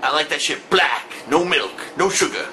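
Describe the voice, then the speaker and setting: Man, crude gameplay commentary, excitable and mocking, high animated voice, noisy recording. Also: moderate pace.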